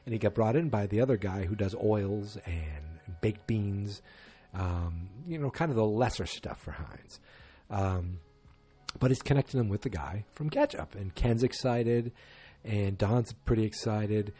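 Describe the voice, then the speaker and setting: Male podcast host, lowish voice, rambling casual recap delivery. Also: measured pace, mellow, breathy edge, soft background music. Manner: rambling, loose and chatty with frequent restarts. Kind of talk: casual solo episode recap.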